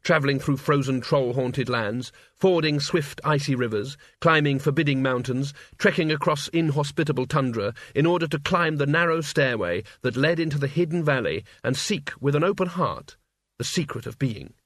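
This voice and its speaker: A man narrating an audiobook in a measured, dry storytelling manner. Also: fairly high pitch, a bit bright, no echo. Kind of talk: scripted narration.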